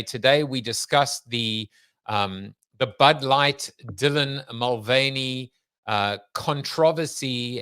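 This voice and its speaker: A man with a South African accent hosting a show, opening with an energetic, rambling, joking introduction full of fillers. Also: medium pitch, clear, resonant tone, no room sound. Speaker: podcast host.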